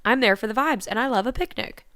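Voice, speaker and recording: Chatty young woman with a high voice. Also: fast talker, fairly bright tone, dry recording, studio quality. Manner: rambling and self-deprecating, heavy use of "like". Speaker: podcast co-host. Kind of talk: casual chat.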